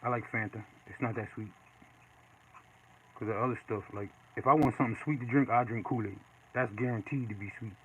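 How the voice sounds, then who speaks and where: A man casually chatting while he draws live, reading and answering viewer comments in a relaxed way. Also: mid-range voice, fairly quick. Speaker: artist streaming live. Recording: dull lo-fi with faint noise.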